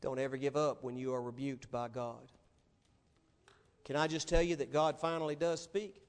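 A man's voice: mid-range voice, flat delivery, moderate pace, clean tone, long reverb tail. A male pastor preaching a sermon in an emphatic, dramatic way.

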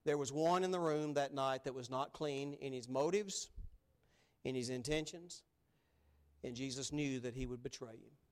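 A male pastor preaching a sermon in an animated, emphatic way, acting out the scripture he reads. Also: mid-range voice, moderate pace.

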